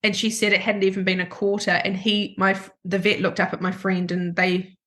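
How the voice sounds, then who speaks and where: A woman counselor telling a personal story in a podcast interview, halting and breaking off her sentences to restart them. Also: medium pitch, level tone, a bit bright. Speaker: grief counselor guest.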